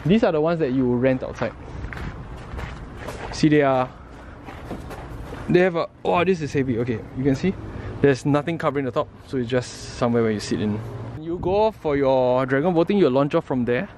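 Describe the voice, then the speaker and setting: A young man with a Singaporean English accent chats and cracks jokes as he vlogs on a handheld camera. His voice sits at a middling pitch. Steady street noise runs loudly under everything he says. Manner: chatty and jokey, quick to laugh. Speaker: vlogger. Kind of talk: casual vlog narration. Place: out and about in city streets and shops. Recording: noisy outdoor street recording.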